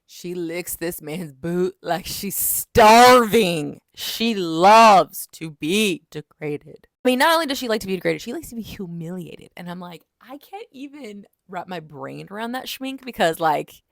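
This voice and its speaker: Chatty woman with a gravelly low voice. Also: normal speed, few pauses, no room sound, studio quality. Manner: chatty, animated retelling with frequent "like". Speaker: book reviewer. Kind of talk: casual book review chat.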